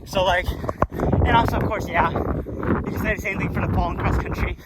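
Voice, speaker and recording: A man's voice: sits high, a little fast, heavy background noise. A young man rambling and swearing in a casual vlog while running, a little out of breath, outdoors on a hilly public trail. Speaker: vlogger.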